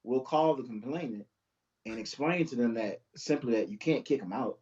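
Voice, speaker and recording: The recording is lo-fi, capturing a young man's medium-pitched voice with a darkish tone at a moderate pace. He's a police officer on as a guest, relaxed and easygoing as he tells work stories in a casual interview.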